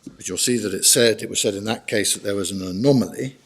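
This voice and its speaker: Brief: male barrister, lowish voice, measured courtroom submissions, formal and orderly. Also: breathy edge. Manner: measured, formal, guides the bench through documents. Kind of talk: courtroom legal argument. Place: court hearing room.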